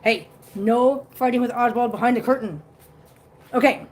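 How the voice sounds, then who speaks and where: A woman's voice: on the high side, moderate pace, darkish tone. A woman hosting a casual livestream at home, baby-talking to her cats and chatting with viewers. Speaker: host of a cat-care livestream.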